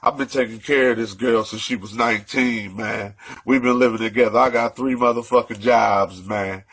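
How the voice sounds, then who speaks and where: Breathless, husky-voiced man ranting. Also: mid-range voice. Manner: profane, repetitive, escalating to shouting. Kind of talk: angry recorded rant.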